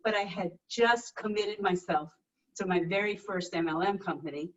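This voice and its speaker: A woman's voice: on the low side, moderate pace. Chatty woman on a distant, dull line. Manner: chatty, enthusiastic, stammering restarts. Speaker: caller on a group call. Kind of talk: casual chat. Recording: distant, dull video-call audio.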